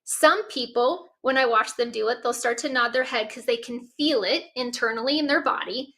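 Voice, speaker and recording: A woman's voice: a little high, moderate pace, fairly bright tone. A woman giving a motivational workshop talk, coaching listeners through breathing and self-talk exercises. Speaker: workshop presenter.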